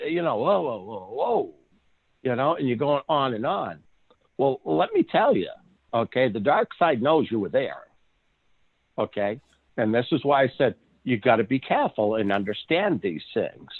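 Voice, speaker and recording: A man's voice: medium pitch, breathy edge, phone-quality sound. A man in casual chat who tells stories with a lot of energy, laughs often and acts out voices as he goes. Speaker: co-host.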